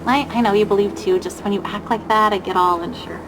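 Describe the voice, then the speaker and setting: A woman's voice: mid-range voice, fairly even intonation, brisk, noisy background. A woman playing a mother who speaks anxiously and earnestly, apologetic and unsure. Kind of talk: game voice acting, conversation. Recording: music under the voice.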